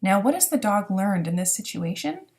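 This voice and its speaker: Woman, dog training instructor, clear explanatory lecture, mid pitch. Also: big pitch swings, moderate pace, a little mellow. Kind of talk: recorded lecture narration.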